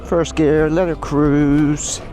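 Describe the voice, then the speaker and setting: Young man, slightly high voice, casual self-mocking ride commentary over music. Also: flat delivery, very slow, mellow. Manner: exclaiming, laughing at himself, swearing. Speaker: motorcycle vlogger. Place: outdoors on a motorbike trail. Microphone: action camera with portable recorder.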